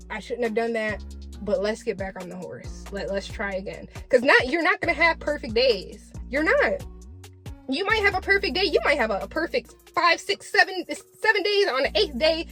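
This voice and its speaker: A commentary vlogger talks straight to camera in a casual vlog, her fairly high voice blunt and exasperated with a tough-love tone. She swears freely while lecturing, with faint music underneath.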